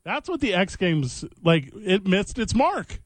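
A man's voice: sits high, unhurried, no room sound. A man hosting a radio show, joking and riffing in a comedic banter style. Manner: animated, jokey, breaks into laughter. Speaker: radio host. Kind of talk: comedic banter, mock sports announcing.

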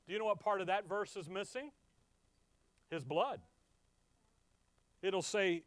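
A male preacher teaching from the Bible in a high, ringing voice that turns loud and then drops low. He keeps putting questions to the listeners. The sound is close and dry, with no room echo. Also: expressive, unhurried, pauses often. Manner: conversational, asks the listeners questions; emphatic, swings from loud to quiet.

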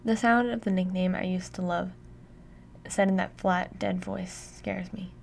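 A woman giving steady, intimate first-person audiobook narration. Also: fairly low pitch, a little slow, creaky, a little hiss or hum.

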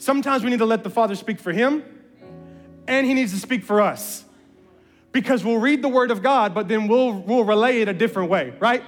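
High-voiced pastor in a reverberant hall. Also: male voice, brisk, soft background music. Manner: animated storyteller, jokes and voices family members. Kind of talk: sermon with personal stories.

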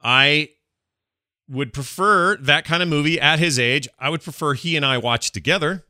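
Bright-voiced rambling man. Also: a little high, normal speed, dry recording, studio quality. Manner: rambling, restarts, laughs a lot. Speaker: podcast co-host. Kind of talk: casual chat.

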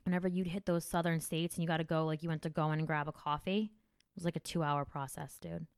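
A woman comedian hosting a casual podcast chat, crude and animated, swearing freely. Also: deep voice, fast, smooth, no echo, studio quality.

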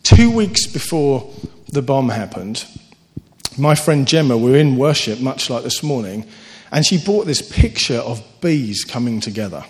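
A man preaching a sermon, earnest and animated, telling stories with sudden lifts in his voice. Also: mid-range voice, a little slow. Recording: long hall reverb.

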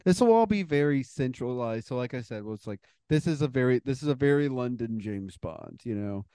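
Laid-back man, smooth dark voice. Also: mid-range voice, expressive, a little fast, no room sound. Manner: laughs often, rambling and loose. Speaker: podcast co-host. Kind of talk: casual comedic brainstorming.

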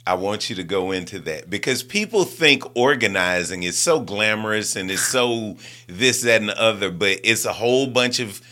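A man's voice: on the low side, animated, normal speed, few pauses, pushed and bright. A man hosting an interview, encouraging his guest with short replies. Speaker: interview host. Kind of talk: casual interview chat.

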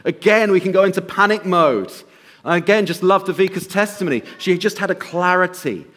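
A man giving a sermon and telling a personal story, slowing to soft emphasis at times and lifting his voice at others. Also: sits high. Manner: storytelling, shifts between soft slow emphasis and raised bursts. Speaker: pastor.

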